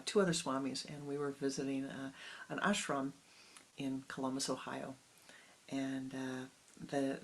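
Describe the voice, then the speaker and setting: Soft-spoken whispering spiritual teacher. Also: medium pitch. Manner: slow, soft, often dropping into whispers; unhurried with long pauses, halting restarts. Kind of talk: meditative sermon.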